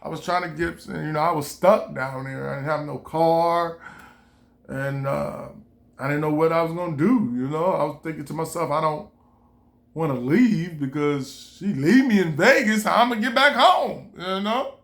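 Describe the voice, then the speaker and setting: Speaking at a moderate pace, this storyteller has a gravelly, fairly high voice as he chats casually to the camera. He re-enacts the dialogue from both sides with wild shifts in energy, cursing liberally and laughing throughout.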